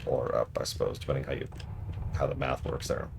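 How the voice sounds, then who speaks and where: Deep-voiced male streamer, wry and ranting. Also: fairly even intonation, fairly quick, gravelly, darkish tone, a little hiss or hum. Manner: wry, ranting, mocks the ads he criticizes. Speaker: game streamer. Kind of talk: casual commentary while playing.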